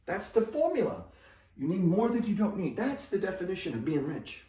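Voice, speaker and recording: A man's voice: sits high, sing-song, fairly quick, mellow, far from the mic. A man giving a blunt, slangy motivational monologue as a money coach, emphatic and repetitive. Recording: echoey room, voice off the mic.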